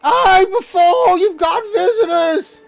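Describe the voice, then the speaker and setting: A man voicing a loud, bossy male goblin guide who shouts announcements. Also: extremely high pitch, slow, vocal fry, a loud crowd, voice pushed up, full character voice. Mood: boisterous.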